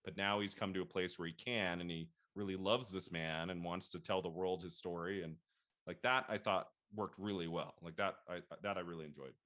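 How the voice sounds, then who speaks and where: A man in his thirties with a deep voice hosts a casual film discussion podcast, speaking fairly quickly. He's chatty and animated, laughing often as he quotes his own reactions.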